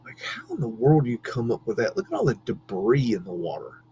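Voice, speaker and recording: A man's voice: mid-range voice, wildly swooping pitch, a little fast, mellow, slight background noise. A man hosting a live stream, chatting casually and rambling, with frequent laughs and many restarts. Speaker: livestream host. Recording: dull lo-fi stream audio.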